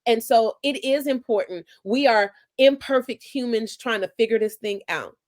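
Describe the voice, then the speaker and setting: A woman's voice: fairly high pitch, moderate pace. A woman in her forties, an author being interviewed, reflecting earnestly on family and parenting as she tells her story. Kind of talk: conversational interview.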